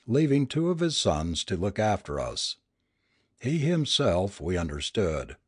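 A man reads a ghost story aloud with a low, slightly husky voice. His intonation rises and falls expressively as he paces the tale. The recording is close and dry, with no room sound. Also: dry recording. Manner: measured storytelling with expressive swings. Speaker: audiobook reader.

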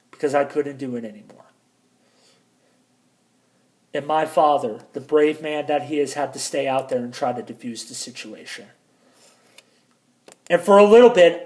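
A man's voice: on the high side, moderate pace, long pauses. A man angrily retelling a family fight as a vlogger, swearing heavily. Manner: angry, heavily profane retelling. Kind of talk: personal storytelling.

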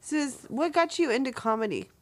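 A woman's voice: high voice, expressive, fairly quick. A woman co-hosting a podcast, reacting with short remarks and laughter during a casual interview.

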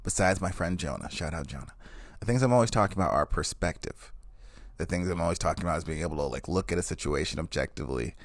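Low gravelly young man, rambling podcast. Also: expressive, quick pace, dry recording. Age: 20s. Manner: rambling, profane, self-interrupting. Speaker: podcast host. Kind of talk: casual solo podcast chat. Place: in bed at home.

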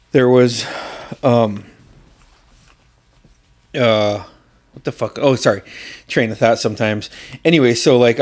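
A man in his forties from southeast Alaska, co-hosting a podcast and telling stories in casual chat, swearing freely, acting out quotes loudly and laughing often. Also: medium pitch. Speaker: podcast co-host.

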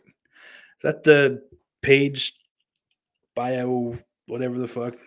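A man's voice: medium pitch, fairly even intonation, slow pace, pauses often. A man with a Southern US accent, hosting and reading chat messages aloud, rambling and swearing bluntly. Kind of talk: casual chat.

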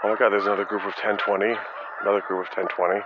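Deep-voiced man rambling outdoors. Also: flat delivery, rapid-fire. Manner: rambling, self-mocking and joking. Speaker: podcast host. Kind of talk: casual solo podcast monologue. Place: outdoors under flocks of flying geese. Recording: dull lo-fi outdoor recording with clear background noise. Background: honking geese and outdoor ambience.

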